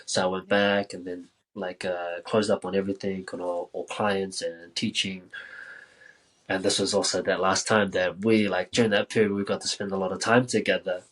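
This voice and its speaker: A man from New Zealand, a podcast guest telling a story casually, with many filler words and lively quoted dialogue. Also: deep voice, normal speed, low-quality recording.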